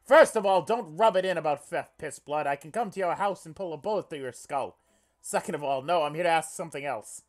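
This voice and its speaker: A man's voice: on the high side, brisk, close to an everyday voice. A man reading the lines of an arrogant, hotheaded young male troll in a game, blustering and swearing as he threatens.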